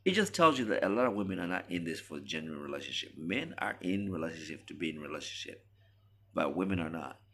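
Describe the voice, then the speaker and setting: A man's voice: low voice, animated, fast, fairly bright tone. A man delivering a preachy, emphatic monologue to camera as a relationship commentator.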